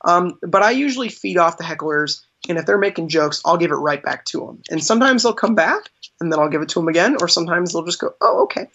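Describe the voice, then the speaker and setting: A man's voice: a little high, lively intonation, quick pace, fairly bright tone. A man being interviewed as a magician, telling stories in a chatty way, laughing often and using lots of fillers. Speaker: magician, podcast guest. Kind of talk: casual interview storytelling. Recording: dull lo-fi sound.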